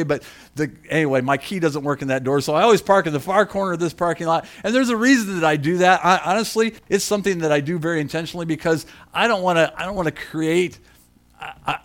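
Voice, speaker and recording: A man's voice: a little high, a bit bright. A middle-aged man preaching a sermon as pastor, telling a personal story with enthusiasm and frequent repeats.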